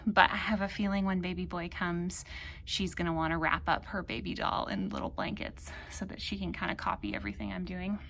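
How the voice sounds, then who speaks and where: A young woman, pregnant and out of breath, giving a chatty, breathy walkthrough of a child's bedroom. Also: on the low side, a little fast, fairly bright tone, slight background noise. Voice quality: breathy, half-whispered at times. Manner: chatty, explaining as she goes. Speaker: vlogger. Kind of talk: casual room-tour walkthrough.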